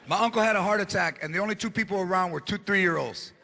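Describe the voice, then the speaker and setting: A man's voice: sits high, quick pace, gravelly, sharp tone. A man doing a stand-up comedy set, telling stories animatedly and switching into Spanish phrases. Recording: live club, crowd laughter and noise.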